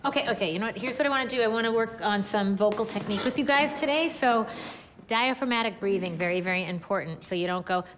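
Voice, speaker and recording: A woman's voice: mid-range voice, fast, very noisy. A woman leading a group singing lesson as vocal coach, upbeat and encouraging and often breaking into laughter.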